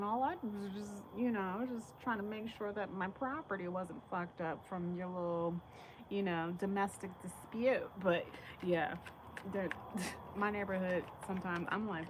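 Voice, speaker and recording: A woman tarot reader chatting casually on a live stream, telling blunt, profane stories and acting out other people's lines in a higher voice. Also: moderate pace, a little hiss or hum, low-quality recording. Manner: candid storytelling, swears freely, acts out quotes in a higher voice.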